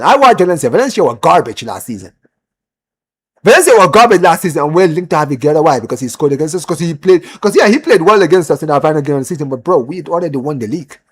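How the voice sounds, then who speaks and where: A young man hosting a football live stream, ranting in casual chat, repeating himself and calling the audience "bro". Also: on the high side. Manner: animated, repeats himself, lots of "bro" and "man", rising when heated.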